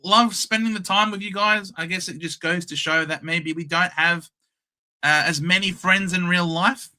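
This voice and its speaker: A man's voice: fairly high pitch, sharp tone, clean tone. A young Australian man hosting a casual live sports watchalong, bantering cheekily with chat and reading out scores. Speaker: livestream host.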